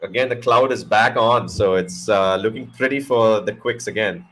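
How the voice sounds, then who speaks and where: A man hosting a casual live cricket watch-along, excitable and joking, cursing freely at the action. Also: fairly low pitch, normal speed, poor audio. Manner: excitable, swears, jokes. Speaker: live stream host.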